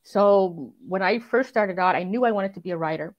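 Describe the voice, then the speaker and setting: A woman who is a crime writer, speaking as an interview guest, reflective and earnest, often filling pauses with "um" and "sort of". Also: mid-range voice, lo-fi sound. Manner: reflective and earnest, many fillers and "sort of" hedges. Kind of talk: conversational interview.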